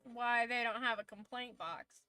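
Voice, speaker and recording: A woman's voice: a little high, a little slow, pushed and bright, clean tone, no room sound. A young woman streamer chatting casually with her viewers during a watch-along, swearing and reacting as she goes.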